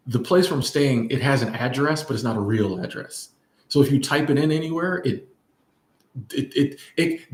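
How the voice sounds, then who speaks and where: A man's voice: mid-range voice, reverberant. A man chatting casually in a rambling storytime vlog, full of fillers and restarts. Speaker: vlogger. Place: in Bangkok.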